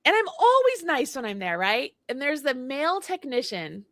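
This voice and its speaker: A woman's voice: high voice, very animated, moderate pace, a bit bright, no room sound, clean studio sound. A woman co-hosting a casual livestream chat, animatedly telling a story and acting out both sides of it. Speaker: co-host. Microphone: livestream mic.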